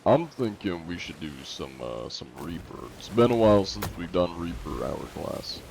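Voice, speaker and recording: A man's voice: deep voice, big pitch swings, normal speed, creaky, darkish tone, a little hiss or hum. A young man streaming live, chatting casually with viewers and joking at his own expense. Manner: jokey, self-deprecating, answers chat.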